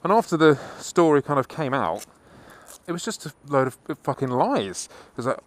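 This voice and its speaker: A man's voice: medium pitch, sing-song, moderate pace, no room sound. A man vlogging from inside a car, casually telling a long story and swearing freely. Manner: swears freely, rambling anecdote.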